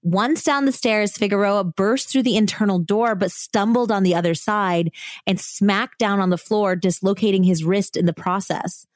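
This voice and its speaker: A woman with a mid-range voice hosts a podcast, speaking at normal speed on a dry, clean studio recording. She recounts a true crime story casually and chattily, peppering it with "like" and "you know."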